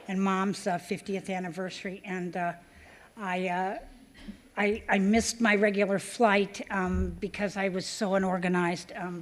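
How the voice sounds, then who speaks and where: A woman speaking at a recovery meeting, telling a personal story with many fillers and acting out the voices she quotes. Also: mid-range voice.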